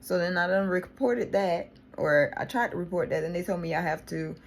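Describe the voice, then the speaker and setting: A woman's voice: on the low side, normal speed. A woman vlogger venting to her viewers in a casual diary style, exasperated and swearing freely.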